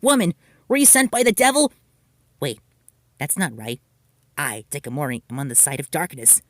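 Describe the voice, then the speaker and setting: A man voicing an excitable, melodramatic young girl who acts as a dark servant. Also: normal speed, dry recording, studio quality. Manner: shrill, melodramatic.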